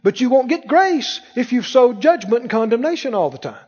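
High-voiced preacher man in an echoing hall. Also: very animated, a little fast, a little mellow, husky. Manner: emphatic, asks rhetorical questions and calls the congregation to repeat after him. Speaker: pastor. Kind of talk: sermon. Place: church hall with congregation. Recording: dull reverberant church recording.

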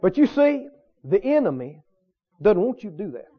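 A man's voice: sits high, very animated, moderate pace, highs cut off. A man preaching a sermon emphatically, repeating his points and asking the congregation questions. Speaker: pastor.

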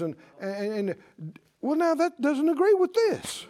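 A man preaching a sermon, emphatic and animated, stretching out key phrases and rising to exclamations. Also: very high-pitched, unhurried.

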